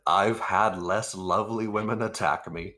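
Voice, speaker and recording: A man's voice: lowish voice, steady tone, moderate pace, bright, forceful tone. A man voicing an older ex-soldier adventurer in a tabletop role-play, with dry, teasing remarks.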